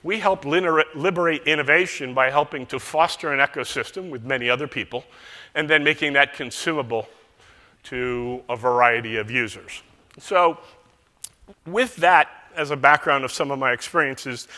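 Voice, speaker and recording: Male keynote speaker with a folksy storytelling manner; tense, bright tone echoing through a big conference hall. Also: medium pitch, normal speed. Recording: echoey large hall.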